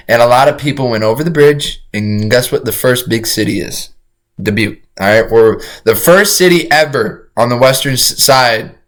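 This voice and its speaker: Excitable profane man reacting to a video. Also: medium pitch. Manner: excitable, profane, rambling with restarts. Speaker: streamer reacting to a crime video. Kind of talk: casual reaction commentary.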